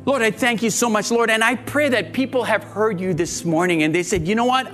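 A man's voice: high-pitched, fairly quick, a bit bright, soft background music. A male pastor leading an earnest, pleading prayer during a sermon, often repeating his phrases. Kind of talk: sermon and altar-call prayer.

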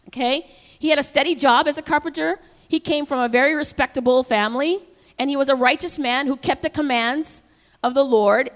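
A woman pastor preaches with a high, lively voice. She talks straight to her congregation and stays emphatic throughout. Her words carry a long hall reverb from a large church. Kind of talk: sermon.

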